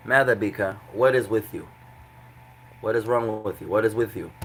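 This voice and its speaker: A man's voice: fairly low pitch, brisk, a bit bright, slight background noise, rough recording. A man teaching Arabic in a class, patiently repeating each translation several ways and breaking the grammar into small steps. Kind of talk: classroom lesson.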